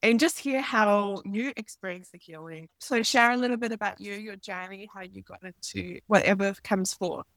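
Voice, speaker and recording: A woman's voice: medium pitch, moderate pace, hardly any pauses, fairly bright tone, dry recording. A woman hosting an interview, asking her guest to share his story in a thoughtful, inviting way. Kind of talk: conversational interview questions.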